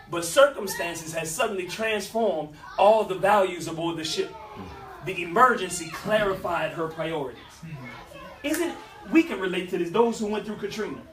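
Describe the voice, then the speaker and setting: A man giving an animated, folksy motivational talk with a preaching flavor to a small audience. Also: high voice. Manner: animated, folksy, with vernacular asides and repeats. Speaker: speaker at a youth life-skills session. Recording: echoey room, mic at a distance.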